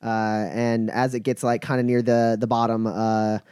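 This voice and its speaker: A relaxed male game master narrates a tabletop game, scattering "uh" through his scene-setting. He speaks at an average pitch, and the recording is close and dry with no room sound. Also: moderate pace, clear, resonant tone, no echo. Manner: relaxed, full of fillers.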